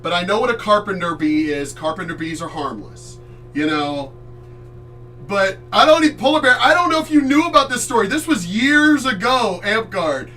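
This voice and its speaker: A man from the Chesapeake Bay area tells a story in an animated, loud, foul-mouthed way. His voice sits high and sounds bright, picked up from a distant mic, with faint music underneath. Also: normal speed. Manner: animated, loud, swears freely, acts out voices. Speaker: streamer host. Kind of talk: casual storytelling.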